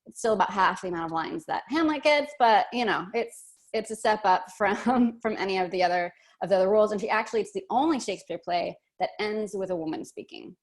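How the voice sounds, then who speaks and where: A woman leads an online workshop over a video call. She talks in a chatty, thinking-aloud way, full of fillers and restarts, and her voice sits at an ordinary middle pitch for a woman. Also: fairly quick. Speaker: teacher.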